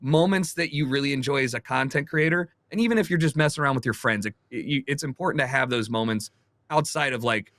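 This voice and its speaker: A man's voice: mid-range voice, fast talker, fairly bright tone, no echo. A young adult man, a streamer, talking candidly and opinionatedly in a casual podcast chat. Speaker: streamer guest.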